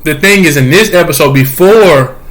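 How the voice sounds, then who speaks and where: A young man vlogging a casual, excited and slangy recap of a show. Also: on the high side, moderate pace.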